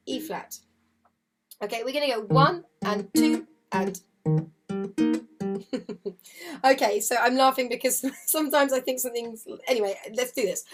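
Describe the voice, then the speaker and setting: A woman teaching a harp lesson on a video call, chatty and encouraging, singing counts and rhythms as she explains. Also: high-pitched. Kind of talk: live online music lesson. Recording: loud harp music under voice. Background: harp playing.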